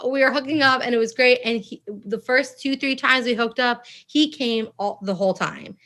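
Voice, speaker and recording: A woman's voice: a little high, moderate pace. A woman in her twenties chatting on a podcast, telling a story with lots of laughter and acted-out dialogue. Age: 20s. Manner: animated storytelling, acts out dialogue, laughs often. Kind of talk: candid podcast chat.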